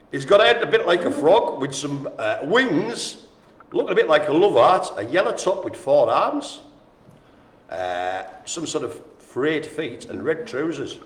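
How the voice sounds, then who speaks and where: A man hosting a live-streamed bingo game, jokey and chatty, calling out names and often addressing the audience as ladies and gentlemen. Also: on the high side, very animated, a little slow. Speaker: bingo host. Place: indoor room at a care home. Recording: roomy with faint ambience.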